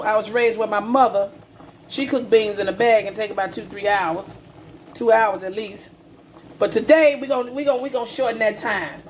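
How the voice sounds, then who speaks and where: A woman's voice: on the high side, background noise. A woman hosting a casual home cooking vlog, chatty and repetitive, calling her viewers baby and family. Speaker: cooking channel host. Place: home kitchen.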